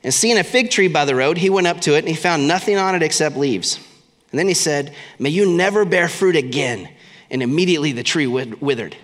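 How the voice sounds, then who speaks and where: A young male pastor delivers an energetic, conversational sermon, joking and acting out short exchanges. His voice sits high for a man. A long reverb trails behind him, as if he speaks in a large hall. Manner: energetic, casual and humorous, acts out quick dialogues.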